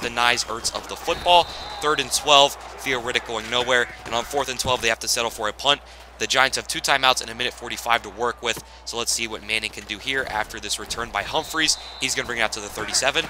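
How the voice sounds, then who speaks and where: A young man narrating a football video game in casual play-by-play style, getting excitable on big plays. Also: medium pitch, background noise. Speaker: gaming channel host.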